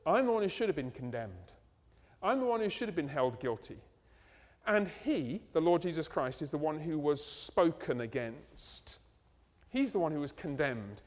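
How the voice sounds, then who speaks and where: A man preaching a sermon, animated and full of rhetorical questions. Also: fairly high pitch. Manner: animated, rhetorical questions, ending in slow hushed prayer. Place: church. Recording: church hall reverb.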